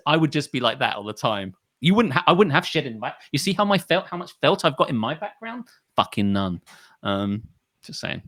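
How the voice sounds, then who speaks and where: A man's voice: mid-range voice, sing-song, fairly quick, a bit bright, dry recording, clean studio sound. A man co-hosting a podcast, ranting in casual chat, swearing and acting out both sides of arguments. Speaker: podcast co-host.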